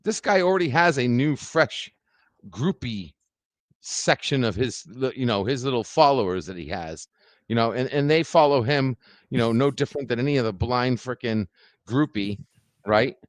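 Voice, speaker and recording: A man's voice: mid-range voice, lively intonation, normal speed, no room sound. A man ranting angrily on a live stream, swearing a lot and repeating himself. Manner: heated, profane, repeats himself. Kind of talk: angry ranting livestream.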